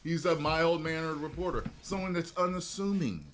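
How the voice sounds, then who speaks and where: A man giving a casual opinion monologue, animated and full of repeated fillers. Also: fairly high pitch, normal speed, a little hiss or hum. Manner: animated, repeats "you know what I'm saying". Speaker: commentator in a played clip.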